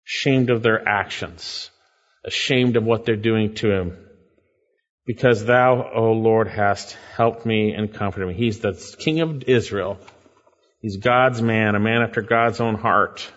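A man preaching a verse-by-verse sermon, earnest and animated, his voice rising sharply to stress key words. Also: fairly low pitch, measured pace. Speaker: pastor. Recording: dull sound with long hall reverb.

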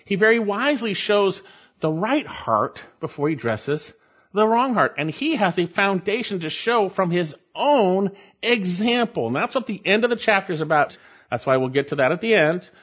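A man's voice: high voice, big pitch swings, normal speed, a bit bright, breathy edge. A man preaching an expository Bible sermon in an emphatic way, repeating his key points for stress. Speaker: pastor. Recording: dull lo-fi recording.

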